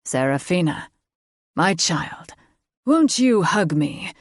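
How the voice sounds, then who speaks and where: Brief: woman narrator doing a smug, mocking fae nobleman, lower voice, dry close read. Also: very animated, takes it slowly, no room sound, full character voice. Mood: coaxing. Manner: condescending, faintly mocking. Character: haughty male fae lord, smooth and mocking. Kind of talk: audiobook character voice.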